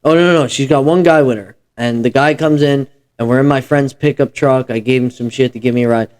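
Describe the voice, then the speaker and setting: A man's voice: mid-range voice, steady tone, a little fast, a little mellow. A young man in his twenties hosting a podcast, telling profane, rambling anecdotes in casual chat. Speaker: podcast host.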